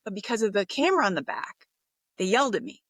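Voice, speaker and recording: A woman, a podcast guest, telling a story in an interview, animated and acting out the voices of people she quotes. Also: mid-range voice, quick pace, no echo. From United States.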